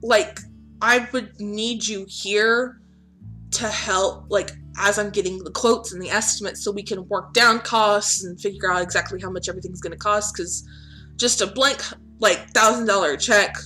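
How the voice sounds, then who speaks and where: A woman's voice: medium pitch, fairly even intonation, moderate pace, sharp tone, soft background music, close to an everyday voice. A woman voicing an earnest, weary, motherly woman who runs a center for at-risk kids. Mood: explaining. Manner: earnest, plain-spoken, a little weary.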